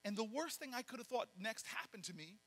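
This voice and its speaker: A man tells a story from the stage at a banquet and acts out each voice in an animated way. His voice sits high and sounds bright. It rings through a large hall with long reverb. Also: brisk. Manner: animated storyteller acting out dialogue. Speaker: political speaker.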